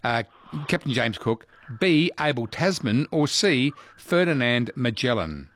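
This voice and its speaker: A man's voice: medium pitch, unhurried. A man hosting a radio quiz and chatting easily with callers. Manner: chatty, easygoing, lively intonation.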